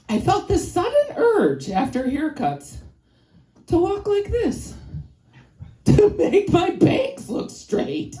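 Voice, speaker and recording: A nasal woman with a Chicago accent doing stand-up, rambling and crude as she pokes fun at herself. She talks slowly, and her pitch swings widely and sits a bit high. The sound is roomy and echoey, as from a stage. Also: darkish tone. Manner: rambling, crude, self-deprecating. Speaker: stand-up comedian. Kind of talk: stand-up comedy set. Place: stage in a comedy venue. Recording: echoey room.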